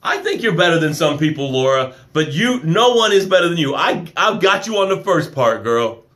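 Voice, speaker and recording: A man's voice: fairly high pitch, big pitch swings, moderate pace, a bit bright. A man running a motivational live stream as a business coach, reading out viewer comments and talking emphatically and affectionately.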